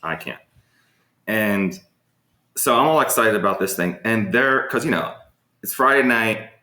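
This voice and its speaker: This live Q&A host has a lowish, expressive voice with a bright, forceful tone, and he speaks at a measured pace. He answers viewer questions casually, wandering into anecdotes thick with fillers, and the room he's in echoes.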